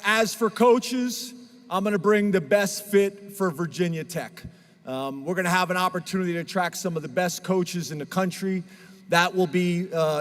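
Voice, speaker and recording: A middle-aged man speaking as head football coach at a press conference, earnest and emotional, choking up at times. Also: high-pitched. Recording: long hall reverb.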